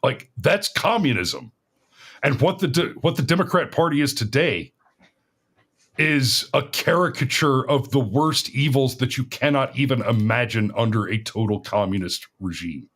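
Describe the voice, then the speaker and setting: A man's voice: mid-range voice, normal speed, fairly bright tone, breathy edge. Rambling man in casual political chat. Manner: rambling, restarts often, laughs at own stories. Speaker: podcast co-host.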